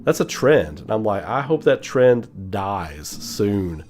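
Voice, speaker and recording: A man's voice: lowish voice, big pitch swings, slow, darkish tone. A man hosting his channel, ranting casually and animatedly, swearing and mimicking mumbled voices. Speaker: channel host. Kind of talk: casual opinion rant.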